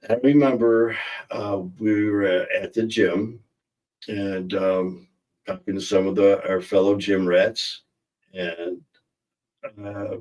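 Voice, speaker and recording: A man's voice: on the low side, recorded from a distance, rough recording. A man hosting a casual livestream, joking and rambling as he reads out viewer comments. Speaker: livestream host. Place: in a car.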